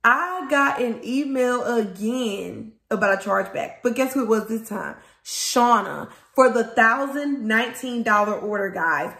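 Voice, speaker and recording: A woman who runs a small business, from Louisiana, telling viewers a storytime in a casual, animated way and calling them guys and y'all. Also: fairly high pitch, a little slow, vocal fry, few pauses. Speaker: small business owner vlogger. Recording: echoey room.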